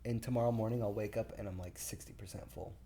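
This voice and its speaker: A woman's voice: a bass voice, fairly even intonation, fast talker, mellow. A young woman co-hosting a casual podcast, joking about herself and laughing often. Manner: jokey, self-mocking, laughs often. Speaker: podcast co-host. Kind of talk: casual chat.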